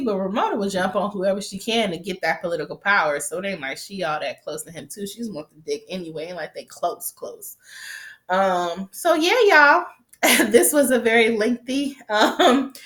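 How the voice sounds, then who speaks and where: Chatty, swearing woman recapping a show. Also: medium pitch. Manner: chatty, animated, swears freely, quotes characters. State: stuffy nose from allergies. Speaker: TV recap vlogger. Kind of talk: casual recap review.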